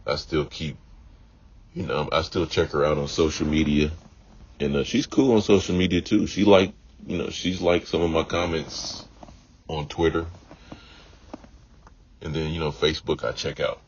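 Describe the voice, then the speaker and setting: A man with an extremely deep, low voice talks in a loose, rambling monologue, circling back on his points and filling gaps with "you know." The audio is dull and lo-fi, with a faint noise underneath. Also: normal speed, long pauses. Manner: meandering, repeats himself, many "you know" fillers. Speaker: vlogger.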